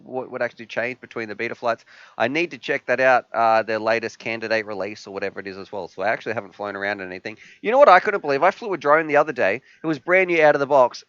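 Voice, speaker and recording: A man's voice: mid-range voice, a bit bright, clear, resonant tone, dry recording, lo-fi sound. A man hosting a casual live stream, chatty and laughing often as he reads out chat messages.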